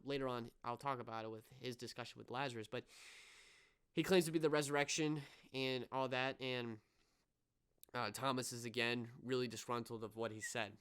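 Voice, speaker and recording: A man's voice: medium pitch, fairly bright tone, clean tone. A young man co-hosting a podcast, earnestly retelling scenes of a show in a casual review with many ums and restarts. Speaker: podcast co-host.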